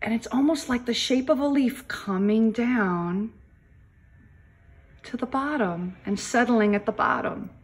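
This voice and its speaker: Gentle woman teaching young children. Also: a little high. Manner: gentle, slow and explaining, stresses key words. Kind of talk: recorded lesson for children.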